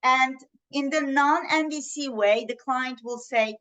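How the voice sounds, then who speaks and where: A woman presenting an interactive webinar on communication, teaching in a gentle, earnest way and asking the audience questions, heard over a video call mic. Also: on the high side, steady tone, a little slow.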